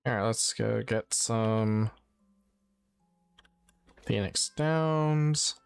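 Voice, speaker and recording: A man's voice: on the low side, drawn-out words, creaky, clean tone, soft background music. A man streaming a game, chatting casually and rambling, often correcting his own words. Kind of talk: casual gameplay chat.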